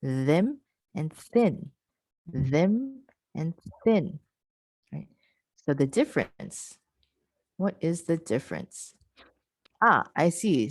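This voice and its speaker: Over a video call, a woman runs an online pronunciation workshop, patiently modelling and repeating example words and encouraging participants. Her voice sits low, and the low-quality recording has no room sound.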